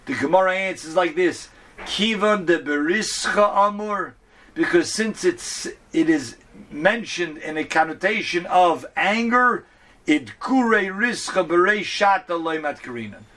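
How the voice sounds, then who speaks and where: Man, Torah teacher, high bright voice, animated Talmud lesson. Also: measured pace. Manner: animated, quotes Hebrew and Aramaic texts then explains.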